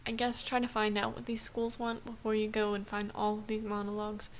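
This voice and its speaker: A woman's voice: medium pitch, completely flat delivery, a little fast, slight background noise. A young woman vlogging in a casual, rambling way, full of restarts and fillers, recorded on a camera mic at home. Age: young adult. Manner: chatty, rambling with many restarts and "like". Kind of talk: casual vlog chat.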